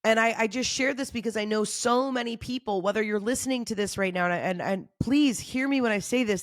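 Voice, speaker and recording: Hosting her own podcast, a woman gives off-the-cuff motivational talk in an emphatic, fired-up way, swearing freely and repeating phrases for emphasis. Her fairly high voice runs a little fast with few pauses, captured in studio quality with no echo.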